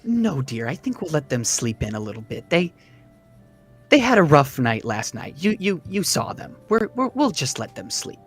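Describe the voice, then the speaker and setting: A man voicing a gentle, motherly innkeeper woman in a tabletop game. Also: on the high side, very animated, normal speed, breathy edge, faint music behind. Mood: soothing.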